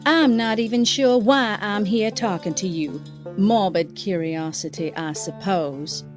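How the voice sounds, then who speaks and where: An actress playing a cool, triumphant sister in an audio drama, speaking dryly and unbothered. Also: female voice, mid-range voice, a little slow, soft background music, lightly acted. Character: cool, triumphant sister who took over.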